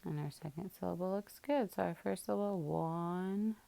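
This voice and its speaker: A woman's voice: on the low side, moderate pace, gravelly, warm tone. A woman teacher working through a spelling lesson, patiently sounding out each word part by part.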